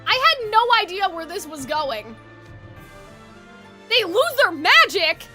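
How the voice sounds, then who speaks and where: A young woman streaming a story game, reacting in an animated, blunt way and swearing freely. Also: extremely high pitch, slow pace, music in the background.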